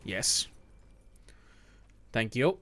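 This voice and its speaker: A man's voice: lowish voice, big pitch swings, very slow, sharp tone. A man giving casual let's-play commentary as he plays, chatting with a viewer. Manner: chatty, talks to a viewer while playing. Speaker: gameplay streamer.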